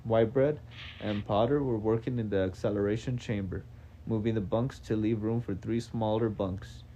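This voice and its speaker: A man's voice: fairly low pitch, fairly even intonation, moderate pace, dark tone, a little hiss or hum. A man doing a live reading of a novel, casual and unpolished, with stumbles and self-corrections. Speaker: reader.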